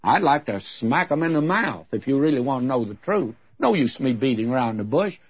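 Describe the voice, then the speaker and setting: A man's voice: mid-range voice, very animated, a little fast, slightly rough, muffled recording. A man giving a sermon as a Bible teacher, in a frank, folksy, conversational way.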